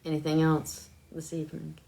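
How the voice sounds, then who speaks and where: A woman's voice: deep voice, completely flat delivery, moderate pace, creaky, mellow. A woman hosting a casual live stream from home into her phone, chatty, laughing often and filling her talk with ums. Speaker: livestream host.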